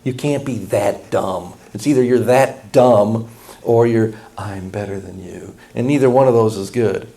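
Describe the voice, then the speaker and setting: Male pastor, sermon delivery, folksy and impassioned, mellow dark voice. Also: mid-range voice, unhurried. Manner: folksy, blunt, impassioned preaching.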